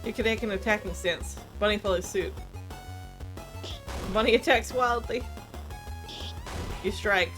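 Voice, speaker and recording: A woman's voice: mid-range voice, measured pace, long pauses, a bit bright, soft background music. A woman streaming a game, casually chatting and reading the story text aloud. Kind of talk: casual let's-play narration.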